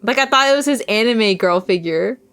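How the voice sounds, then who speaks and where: A woman's voice: on the high side, animated, moderate pace, fairly bright tone, clear, resonant tone. Young woman reading a visual novel aloud. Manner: casual, self-deprecating asides. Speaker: streamer.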